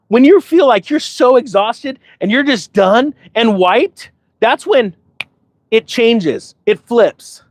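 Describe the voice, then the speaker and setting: Male host, 40s, high voice, repetitive motivational talk, dry recording. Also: measured pace, dry recording. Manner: animated storytelling with quoted voices. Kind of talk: casual monologue to viewers.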